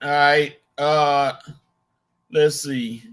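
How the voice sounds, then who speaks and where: A man's voice: a little high, little pitch movement, drawn-out words, a bit bright, smooth. A man hosting a sports talk show who reads out listener questions, joking and moving the talk along. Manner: laid-back, jokes and moves the talk along. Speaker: host reading listener questions.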